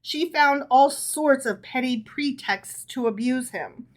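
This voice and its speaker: A woman's voice: high-pitched, slow. A woman podcast co-host reading folk tales aloud to her partner, with casual amused asides.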